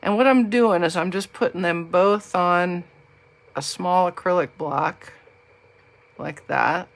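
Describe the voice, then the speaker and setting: A Southern US woman demonstrates card making live, chatting and joking with her viewers. Her voice is on the low side, slow, with vocal fry.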